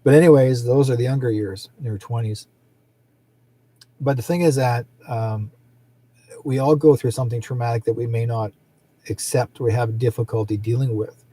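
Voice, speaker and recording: A middle-aged man rambles on casually as the host of a psychic livestream, his voice husky and dark. He drifts from story to story and laughs often. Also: mid-range voice, fairly even intonation, moderate pace, pauses often. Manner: rambling, chatty, laughs often, acts out quoted people.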